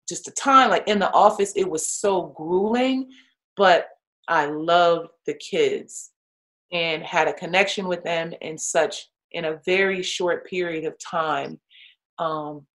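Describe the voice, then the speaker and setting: A woman with a fairly low voice tells a story in a loose, chatty way. She fills her talk with "like" and "you know", and her pitch leaps when she acts out what other people said. She is a retired pro athlete speaking as an interview guest. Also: rough recording. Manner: heavy use of "like" and "you know" fillers. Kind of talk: casual storytelling in conversation.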